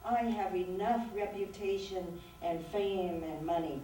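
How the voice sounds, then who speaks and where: A woman reads her prose aloud with slow, unhurried care, her voice mellow and soft-edged. The reading is measured and lyrical. She is picked up from a distance in a very echoey event room. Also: fairly low pitch, a little hiss or hum. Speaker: author reading her work. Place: event room at a writers' center. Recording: very echoey room, mic far off.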